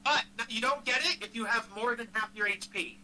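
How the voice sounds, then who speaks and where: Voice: medium pitch, fairly quick, sharp tone, slight background noise, low-quality recording. A casual, chatty game master running a tabletop game, laughing easily and correcting themselves mid-sentence.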